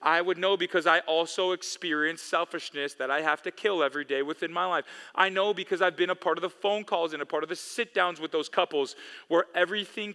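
A man's voice: sits high, bright, forceful tone, clear, resonant tone. A man preaching a sermon as pastor, emphatic and repeating key phrases for weight. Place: church sanctuary. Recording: long echo of a big hall.

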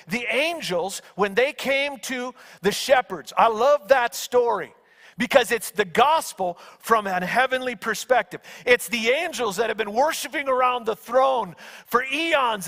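A man preaching a sermon, telling stories dramatically and raising his voice at key moments. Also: very high-pitched. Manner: animated storytelling, acting out angels with shouts. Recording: long hall reverb.

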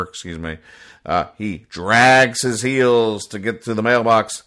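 A man's voice: fairly low pitch, bright, forceful tone. A man hosting a casual show where he recaps comic strips, explaining each joke in a wry, rambling way and briefly putting on character voices. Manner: puts on quick voices for the characters. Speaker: host reading comic strips aloud.

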